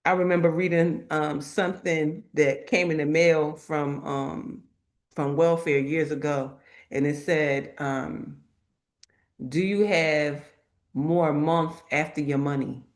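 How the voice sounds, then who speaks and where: Woman host, kinda low voice, chatty, acts out what people said. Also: takes it slowly. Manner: lively storytelling that acts out quoted people. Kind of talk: casual live chat.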